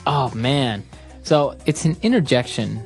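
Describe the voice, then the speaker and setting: A woman's voice: very deep voice, lively intonation, unhurried, a little mellow, soft background music. A woman hosting an English lesson podcast, explaining phrases steadily with frequent agreeing fillers. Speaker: English teacher and podcast host.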